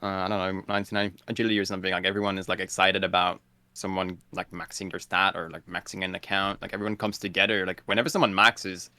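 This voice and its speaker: A man's voice: low voice, level tone, quick pace, sharp tone, no echo. A man chatting casually on a podcast, laid-back and blunt, with many "like" fillers. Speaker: guest streamer.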